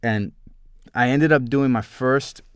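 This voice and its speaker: Smooth-voiced New man telling stories. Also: medium pitch, slow pace, dry recording, clean studio sound. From New York. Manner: rambling, animated, many restarts. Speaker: filmmaker guest. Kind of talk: casual interview storytelling.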